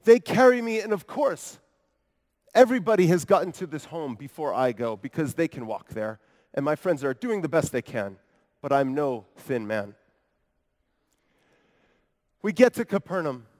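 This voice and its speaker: With a fairly high, darkish voice, a preacher performs a first-person dramatic monologue as a paralyzed grown man from Capernaum. Earnest yet wry, he tells the story and makes asides to the congregation, all under a long hall reverb.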